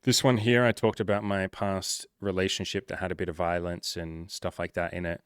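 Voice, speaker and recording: Brief: low-voiced male coach, blunt and swearing, dry close sound. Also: flat delivery, a little fast, clear, resonant tone, no echo. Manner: blunt, profane, direct. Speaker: life coach. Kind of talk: casual motivational talk.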